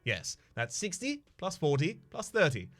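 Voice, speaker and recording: A man voicing a gruff middle-aged male bar manager who haughtily demands money. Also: a little high, wildly swooping pitch, measured pace, fairly bright tone, voice pushed up, exaggerated voice. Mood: demanding.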